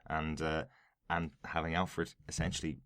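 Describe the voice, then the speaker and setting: Very deep-voiced Irish man, dry sound. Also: level tone, normal speed, fairly bright tone, no echo. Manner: chatty and recapping, with frequent fillers and laughter. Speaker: podcast co-host. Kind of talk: casual podcast chat.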